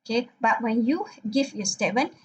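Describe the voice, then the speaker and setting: A woman's voice: on the high side, animated, fairly quick, breathy edge, poor audio. A woman lecturer talking through her slides and checking in with "okay" again and again. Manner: frequent "okay" check-ins, non-native phrasing.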